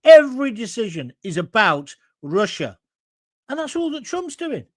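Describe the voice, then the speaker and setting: A man's voice: very high voice, big pitch swings, moderate pace, no room sound. A man hosting a live talk show, reading out viewer comments in a blunt, combative, rambling way from a green screen studio.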